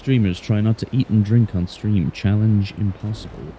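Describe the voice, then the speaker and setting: A man's voice: on the low side, moderate pace, dark tone, a little hiss or hum. A man streaming a game with casual, playful, self-mocking chat in a put-on Australian accent. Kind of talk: casual gameplay commentary.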